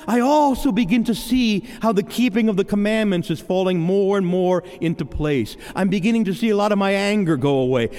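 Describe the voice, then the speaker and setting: A middle-aged man preaching from the pulpit in a church, his high voice rising and falling with lively swings. He speaks earnestly and personally, stammering and restarting as he testifies. The sound rings out with a long reverb through the hall. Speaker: pastor. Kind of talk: sermon.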